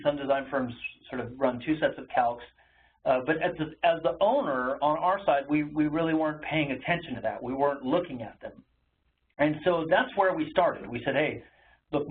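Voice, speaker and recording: A man giving an educational webinar presentation in a conversational way, with frequent ums and uhs. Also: medium pitch. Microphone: webinar call audio. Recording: tinny phone-like webinar audio with faint noise.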